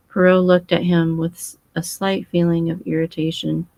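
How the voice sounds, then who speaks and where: Low, flat-voiced woman reading aloud. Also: normal speed, vocal fry, few pauses, no room sound, highs cut off. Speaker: reader.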